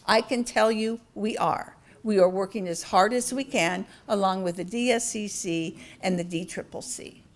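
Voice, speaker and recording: A woman's voice: mid-range voice, moderate pace, hardly any pauses. An older woman speaking as a guest to a club, earnest, candid and conversational. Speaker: guest speaker, party official. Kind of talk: talk to a club with audience questions.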